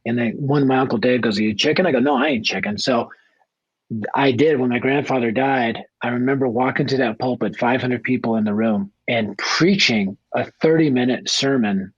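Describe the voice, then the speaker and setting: Husky-voiced man telling his story. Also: mid-range voice, no room sound, muffled recording. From Denver, Colorado. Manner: blunt, earnest storyteller acting out family dialogue. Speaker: guest evangelist. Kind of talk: storytelling in a radio interview.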